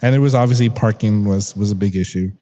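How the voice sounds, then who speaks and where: A man's voice: lowish voice, quick pace, dark tone, rough recording. A young man hosting a casual interview, chatty and rambling, laughing often. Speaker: podcast host.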